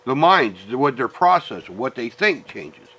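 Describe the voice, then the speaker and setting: A middle-aged man delivers a heated, profane rant straight to his viewers. His voice is bright and forward, and he talks bluntly, often swearing for emphasis. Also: medium pitch, very animated, measured pace. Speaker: vlogger. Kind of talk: ranting personal monologue.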